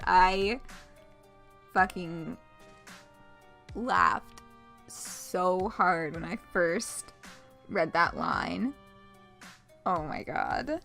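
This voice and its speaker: Gravelly-voiced woman streaming a game. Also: mid-range voice, sharp tone. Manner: chatty, laughs often, swears freely. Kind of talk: casual let's-play commentary, reading a game aloud.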